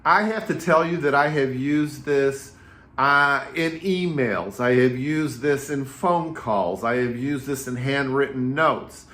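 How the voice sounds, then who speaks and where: A man in his fifties, a real estate agent and coach, giving casual advice straight to camera and telling stories in a lively, repetitive way. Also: medium pitch, slow pace. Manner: energetic, chatty storyteller with repetitive phrasing. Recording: roomy echo.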